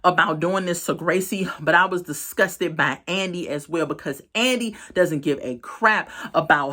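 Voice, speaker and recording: Outraged woman recapping reality TV. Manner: expressive, outraged, swings pitch for emphasis. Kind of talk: casual commentary.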